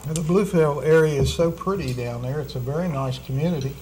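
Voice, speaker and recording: A man co-hosting a dinner show, talking in a relaxed, halting way with fillers and repeats. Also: fairly high pitch, slight background noise, poor audio. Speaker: cooking show co-host. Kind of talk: casual chat over dinner.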